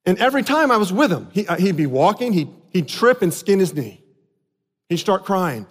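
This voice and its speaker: A pastor with a high voice delivers an animated sermon, often breaking into the voices of the people he quotes. His words ring out with a long tail of reverb, as in a big sanctuary. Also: moderate pace.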